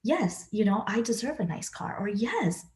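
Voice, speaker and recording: A woman's voice: medium pitch, sing-song, moderate pace, a little mellow. A woman hosting a podcast interview, talking in an earnest, affirming way. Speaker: podcast host. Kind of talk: conversational interview.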